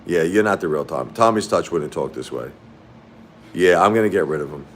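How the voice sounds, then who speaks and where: A middle-aged man hosting a livestream from a fast-food restaurant. He rambles casually to his chat, repeating himself and calling viewers by name. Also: sits low, lively intonation, a little hiss or hum. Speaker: livestream host.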